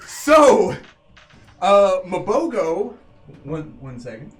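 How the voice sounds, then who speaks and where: A man serving as game master, narrating a tabletop battle vividly and unhurriedly, pausing on fillers as he goes. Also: fairly high pitch, expressive, faint music behind.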